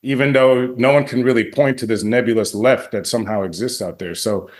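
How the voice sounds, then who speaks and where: A man co-hosting a podcast, weighing his opinion thoughtfully with many restarts and pauses. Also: medium pitch, fairly even intonation. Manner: thoughtful, halting with restarts and fillers. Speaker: podcast co-host. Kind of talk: casual discussion.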